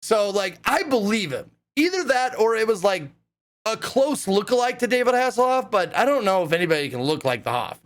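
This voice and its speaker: A young man chats to his live viewers in a loose, rambling way, packed with swearing and fillers. His voice sits high and jumps around a lot in pitch as he gets worked up. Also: brisk. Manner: excitable, profane, rambling with many fillers. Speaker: live streamer. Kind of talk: casual storytelling to a live chat.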